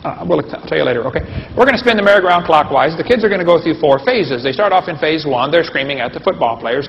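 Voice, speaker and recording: A somewhat high-pitched man with a gravelly edge lectures a live audience in a folksy, joking way and keeps asking them questions. The recording is dull and lo-fi, and his voice rings with a long hall reverb. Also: animated, quick pace, hardly any pauses. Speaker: creation science lecturer.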